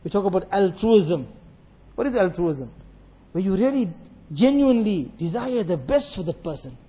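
A man giving a sermon on a Quran passage, reciting verses and explaining them with lively acted dialogue. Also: high voice, normal speed, husky, dull audio. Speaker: Islamic scholar teaching Quran commentary.

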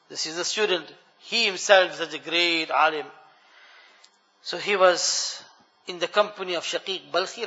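Bright high-voiced man preaching in a hall. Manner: animated storyteller addressing the congregation as brothers. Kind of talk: storytelling sermon. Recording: dull lo-fi recording with long hall reverb.

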